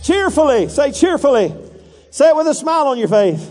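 A man's voice: very high voice, very animated, a little fast, big-room sound, over music. A man preaching a sermon as pastor, calling for congregation responses and acting out voices.

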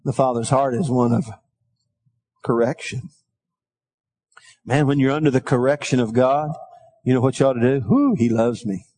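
A middle-aged man preaching a sermon, calling for responses from the congregation and telling folksy stories in a quieter aside voice. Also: steady tone, moderate pace, long pauses. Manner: folksy storytelling, drops to a low aside. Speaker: pastor.

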